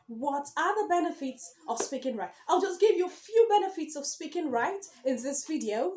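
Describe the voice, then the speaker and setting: High animated woman coaching on speaking right, punchy repeats, echoey room. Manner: emphatic, repeats key words, rhetorical questions. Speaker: speech coach. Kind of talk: direct-to-camera lesson.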